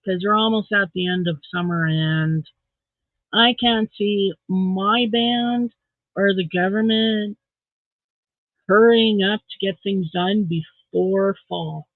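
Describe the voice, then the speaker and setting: Yawning and tired, a woman rambles through a casual livestream, poking fun at herself as she chats with viewers. She speaks unhurriedly at a medium pitch, in a dry, tinny, phone-like recording.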